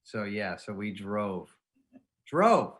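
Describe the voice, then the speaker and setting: A man's voice: on the low side, moderate pace, fairly bright tone. A man in his fifties, a comedian telling rambling anecdotes in casual chat, often laughing at his own stories. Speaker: comedian guest.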